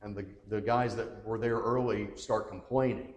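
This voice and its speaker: A man's voice: on the low side, fairly even intonation, moderate pace. Guy teaching a bible class, reads verses and quizzes the room, big echoey hall w long reverb. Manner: asks the group questions, reads scripture aloud.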